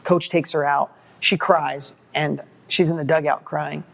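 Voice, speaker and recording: Animated middle-aged man telling stories. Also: on the high side, unhurried, creaky. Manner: animated, acts out quoted dialogue, repeats words when excited. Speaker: guest. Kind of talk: motivational storytelling in an interview.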